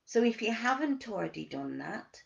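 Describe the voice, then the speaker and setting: A woman giving a motivational wellness talk as a coach, asking gentle questions and stressing key words. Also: a little high, big pitch swings, moderate pace, creaky, dull audio.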